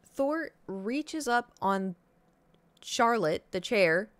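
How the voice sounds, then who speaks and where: Thirtysomething woman streamer just chatting, swears a lot, acts out her reactions, mid pitch. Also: drawn-out words, no room sound. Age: 30s. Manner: animated, profane, acts out her own reactions. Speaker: livestreamer. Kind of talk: casual storytelling chat to viewers.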